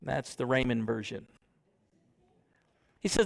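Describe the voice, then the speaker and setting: Man preaching, fairly high pitch, conversational, asks the congregation questions, church sermon. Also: expressive, unhurried.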